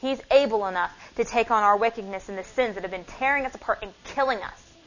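A woman's voice: mid-range voice, quick pace. A young woman giving an informal, chatty sermon and reading scripture, acting out conversations as she goes. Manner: chatty and animated, acting out dialogue. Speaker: lay preacher. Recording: dull lo-fi recording.

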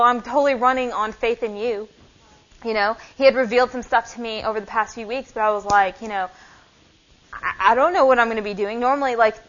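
A young woman giving an informal, chatty sermon and reading scripture, acting out conversations as she goes. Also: on the high side. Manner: chatty and animated, acting out dialogue. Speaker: lay preacher. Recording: dull lo-fi recording.

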